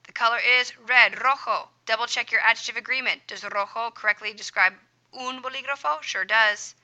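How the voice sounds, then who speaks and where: A woman's voice: on the high side, brisk, bright, forceful tone, muffled recording. A woman teaching a Spanish grammar lesson over a screen recording, upbeat and encouraging, dropping little sound effects as she writes.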